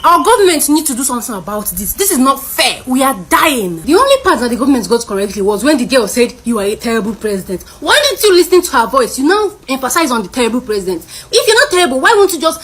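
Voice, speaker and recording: Young nigerian girl ranting fast, swoopy voice, all fed up questions. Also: fairly high pitch, very animated, a bit bright, husky. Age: young adult. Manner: exasperated, rapid-fire rhetorical questions. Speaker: university student. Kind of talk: selfie rant video.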